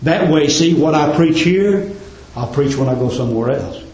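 Man preaching, fiery rises and hushed drops, slightly high voice, roomy church sound. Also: moderate pace, lo-fi sound. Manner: fervent, rising to high emphatic peaks and dropping to low quiet endings. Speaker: pastor. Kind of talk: sermon.

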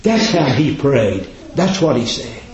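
A man preaching a sermon as a pastor, repeating his points and dropping to a low, hushed voice for emphasis. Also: sing-song, a little slow. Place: church. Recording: echoey, dull church recording.

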